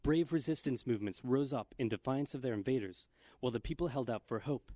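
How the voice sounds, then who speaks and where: A man's voice: medium pitch, mellow, dry recording. A man giving scripted, wry comedic history narration from a played video. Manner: wry, jokey asides in a brisk narrative. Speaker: documentary narrator. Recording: played video with music behind. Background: music.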